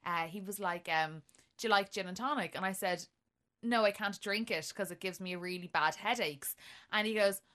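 A young Irish woman co-hosting a podcast, telling a dating story in a casual, animated way and laughing often. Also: mid-range voice, normal speed. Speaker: podcast co-host.

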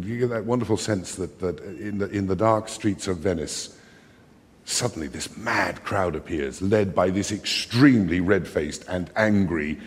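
A man lecturing on a play, emphatic and animated, with dramatic readings of its lines. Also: sits low. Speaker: literature lecturer. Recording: long hall reverb.

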